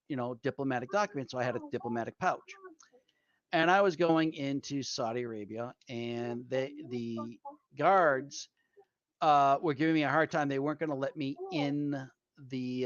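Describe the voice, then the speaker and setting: A man with a Boston accent, a veteran telling animated stories in casual chat and calling his listeners folks. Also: medium pitch, dry recording. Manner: animated anecdotal storyteller, addresses listeners as folks. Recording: dull lo-fi audio.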